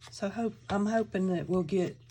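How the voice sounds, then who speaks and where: A woman's voice: mid-range voice, normal speed, background noise. A woman from Georgia with a Southern accent, chatting casually as she walks through a crafting tutorial and thinks aloud while she works. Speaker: crafting channel host.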